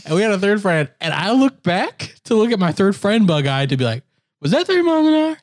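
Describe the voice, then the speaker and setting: A man's voice: high voice, sing-song, a little fast, dry recording, clean studio sound. A man telling a story in casual chat, acting out quotes and laughing often.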